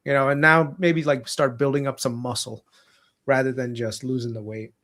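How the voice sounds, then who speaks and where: A man chatting on a live stream among friends, teasing them in an animated way. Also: medium pitch, normal speed. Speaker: stream guest. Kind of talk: casual chat.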